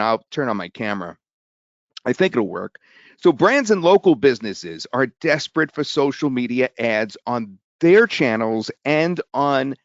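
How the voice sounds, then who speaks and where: An excitable man hosting a live sales webinar, rambling and restarting as he pitches. His voice sits in a middle range and sounds dry, with dull, lo-fi webinar audio. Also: no room sound. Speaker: webinar host.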